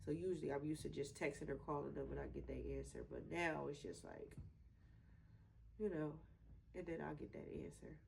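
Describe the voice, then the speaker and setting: In a casual interview about her twin brother, a woman talks loosely and chattily with lots of laughter, turning soft and quiet when she says she misses him. Her low voice is brisk with vocal fry, and the low-quality recording has slight background noise.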